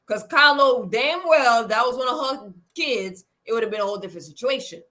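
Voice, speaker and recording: A woman co-hosting a casual reality TV recap chat, animated, acting out quotes as she talks. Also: fairly high pitch, fairly quick. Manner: animated, acts out quotes, lots of "like" and "yeah". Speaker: co-host.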